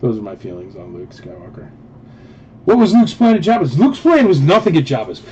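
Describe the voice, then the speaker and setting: Guy ranting sarcastic during a live toy auction, kinda high voice but mellow, lo-fi audio. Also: huge pitch swings, a little fast, a little hiss or hum. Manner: sarcastic, ranting, mocks with put-on quotes. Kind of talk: casual ranting chat.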